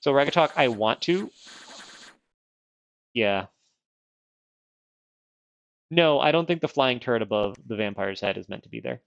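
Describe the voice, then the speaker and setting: A man's voice: mid-range voice, a little slow, creaky, pauses often, fairly bright tone, no room sound, muffled recording. A man livestreaming a strategy game, chatting casually and thinking aloud in a rambling, self-deprecating way while wearing dental retainers. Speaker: streamer.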